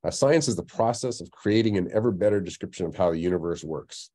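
A man's voice: low voice, lively intonation, quick pace, dark tone. A middle-aged man lecturing in a public science webinar, talking conversationally with lots of fillers and restarts. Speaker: astronomy lecturer. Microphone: computer mic on a webinar call.

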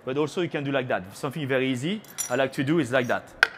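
Against a noisy background, a fast-talking French chef with a mid-range voice and French accent works a trade show stage, giving a chatty live cooking demo, teasing the audience and tossing in French phrases.

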